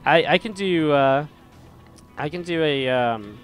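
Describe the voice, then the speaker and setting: A man's voice: on the high side, animated, takes it slowly, faint music behind. Chatty male esports caster with a strained voice. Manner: chatty, rambling, talks to viewers directly. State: slightly strained voice. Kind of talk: live play-by-play game commentary.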